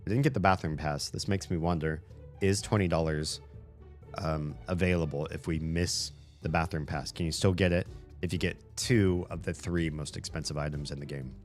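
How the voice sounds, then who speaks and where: A young man casually commenting while playing a video game, thinking aloud in low mumbled asides. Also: steady tone, moderate pace, faint music behind. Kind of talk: let's play commentary.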